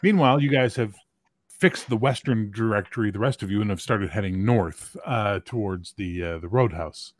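A man's voice: on the low side, moderate pace, no room sound. A man running a tabletop game as game master, narrating scenes loosely and correcting himself as he goes.

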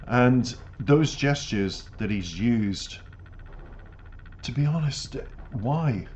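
A man's voice: mid-range voice, lively intonation, extremely slow, darkish tone. A man hosting a music reaction channel, giving reflective commentary and earnest, emphatic life advice. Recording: dull lo-fi audio with faint noise.

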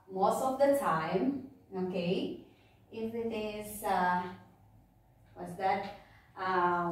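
A woman teacher giving a phonics lesson to children, patiently repeating words and checking understanding. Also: mid-range voice. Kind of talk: slow classroom phonics lesson. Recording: echoey room, distant mic.

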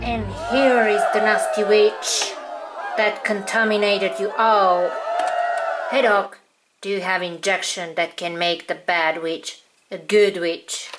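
A woman's voice: mid-range voice, fairly even intonation, slow pace, loud music behind the voice. A woman voicing dolls in a toy-play video, in a childlike, sing-song way. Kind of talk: toy play with doll voices.

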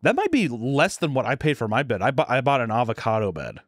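A man's voice: mid-range voice, sing-song, fast, breathy edge, no echo, clean studio sound. A man co-hosting a podcast in a loose, profane, casual chat, laughing often. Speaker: podcast co-host.

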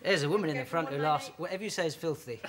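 A man's voice: a little high, rapid-fire, heavy background noise. A man in comedy outtakes, joking and swearing with the crew on a studio set with a live audience. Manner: jokey, swearing, laughing between takes. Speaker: comedy actor.

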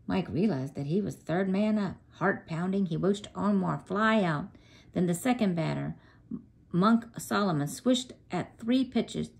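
A woman narrating a children's story in a steady, clear way. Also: fairly low pitch, a little slow.

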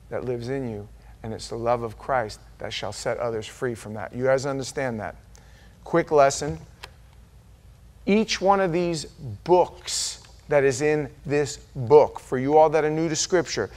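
Animated high-voiced American pastor preaching. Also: male voice. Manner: animated preaching with quoted voices and sudden soft drops. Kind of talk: sermon.

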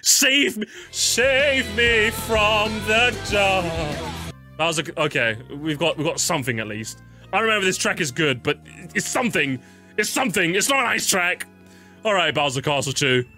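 A young man doing casual live-stream commentary while ranking game tracks, swearing a lot and jumping into high-pitched squeals when annoyed. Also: very animated, a little fast, pushed and bright. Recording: game music playing faintly behind.

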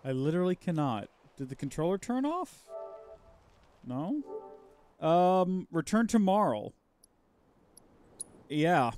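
A man giving playful let's play commentary, sometimes drifting into silly drawn-out voices. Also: mid-range voice, animated, a little mellow. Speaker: gaming host. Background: game music.

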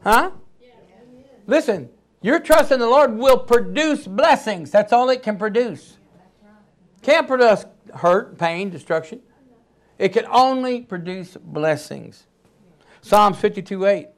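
Emphatic high-voiced male preacher. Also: expressive, takes it slowly, pauses often. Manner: emphatic, with sudden loud outbursts. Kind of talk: sermon.

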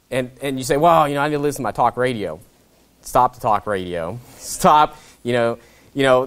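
A man, a pastor, preaching a sermon in a conversational way, often checking in with "okay?". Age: young adult to middle-aged. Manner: conversational preaching, wide swings in pitch and loudness, frequent "okay?".

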